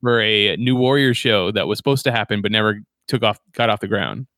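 A man co-hosting a casual podcast chat, easygoing and quick to laugh. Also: fairly low pitch, a bit bright, dry recording, studio quality. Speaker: podcast co-host.

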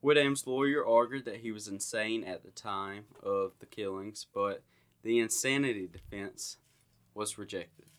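A man co-hosting a podcast, reading out a true-crime case in a steady, matter-of-fact way. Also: lowish voice, measured pace. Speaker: podcast co-host.

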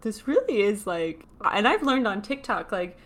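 A woman hosts a podcast in relaxed, casual chat. She talks animatedly and keeps circling back with "like" as she thinks aloud. Her voice sits at an ordinary middle pitch. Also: moderate pace. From New York. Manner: chatty, animated, full of "like" asides. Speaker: podcast host.

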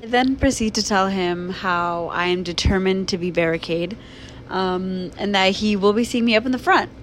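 A woman's voice: mid-range voice, moderate pace, a little hiss or hum. A young woman casually telling a personal story to her viewers, chatty and full of fillers. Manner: chatty, filler-heavy, animated retelling. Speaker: vlogger.

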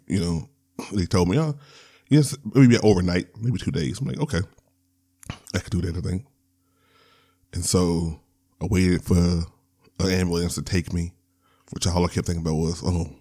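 A man with a low-pitched, dark, husky voice hosts a podcast, sharing a personal story in a candid, rambling manner full of laughs and restarts.

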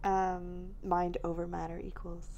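A woman's voice: on the low side, completely flat delivery, measured pace, warm tone, muffled recording, a little hiss or hum. A young woman co-hosting a podcast, chatting casually with lots of filler words, tired and yawning from recording late. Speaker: podcast co-host. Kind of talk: casual chat.

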